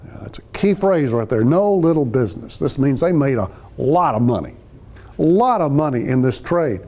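Speaking at a moderate pace in a sing-song, medium-pitched voice with a darkish tone, a Bible teacher gives a chatty sermon. He reads scripture, breaks it down phrase by phrase, and dramatizes the quotes.

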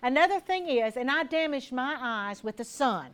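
A woman's voice: sits high, lively intonation, normal speed. A woman, giving an informal health talk to a group and often asking the audience questions. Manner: folksy and conversational, asks the audience questions. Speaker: health educator speaking to a seniors group.

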